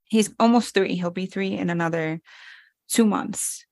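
A woman's voice: medium pitch, a little slow, creaky, a little mellow, no echo. A woman in her thirties, a podcast co-host, chatting candidly and telling stories about her children. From New York. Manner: candid, storytelling, acts out her kids' lines. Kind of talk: casual chat.

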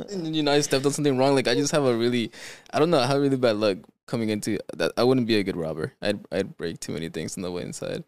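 A man's voice: medium pitch, fast, clear, resonant tone, dry recording. Laughing man hosting a podcast. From California. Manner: laughs often, rambling with fillers. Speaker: podcast host. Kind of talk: casual chat and reading stories aloud.

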